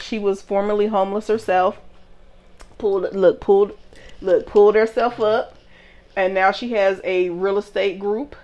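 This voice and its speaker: A woman hosting a casual chat, talking in an animated, emphatic way and laughing often as she tells stories and reads out shout-outs. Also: mid-range voice, highs cut off. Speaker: podcast host.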